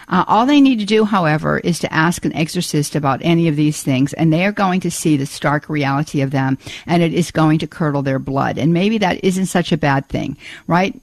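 A woman hosting a Catholic call-in radio show, talking in an earnest, measured way and often repeating words as she searches for the next one. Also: on the low side, no room sound. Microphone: studio microphone.

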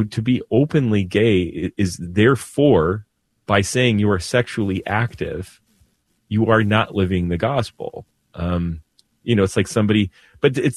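Low-voiced male priest hosting call-in radio. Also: darkish tone, dry recording. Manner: conversational, with frequent restarts. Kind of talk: call-in advice talk. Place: radio studio.

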